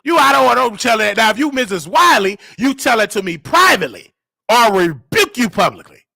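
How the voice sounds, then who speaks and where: A man hosting a loud live show, his very high voice swinging wildly as he shouts and preaches. The tone is sharp and bright, with a gravelly edge. It is recorded close and dry. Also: brisk, dry recording. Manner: shouting, preachy, animated, scolding listeners. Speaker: show host. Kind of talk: loud live-stream commentary.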